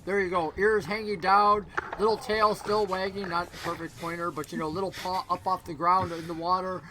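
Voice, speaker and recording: A man narrating a tabletop game as game master in a rambling, animated way. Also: high-pitched, moderate pace, few pauses, poor audio.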